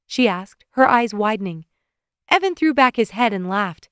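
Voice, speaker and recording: A woman reads a romance audiobook in a calm, even voice at a middling pitch. The booth is dead dry and the mic is close, so every word is intimate and plain. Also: moderate pace, clean tone, dry recording. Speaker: audiobook narrator. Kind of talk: scripted romance narration.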